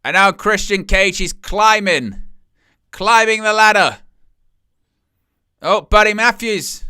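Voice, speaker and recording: A man hosting a live wrestling watch-along, calling the action with excited gasps and exclamations. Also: sits high, slow, smooth, dry recording, studio quality. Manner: animated, exclaiming "oh" at each move. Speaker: wrestling live-stream host.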